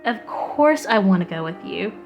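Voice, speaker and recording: A woman's voice: medium pitch, lively intonation, moderate pace, soft background music, natural voice. A woman reading aloud as a sassy, teasing young heroine in a visual novel. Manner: teasing, blunt.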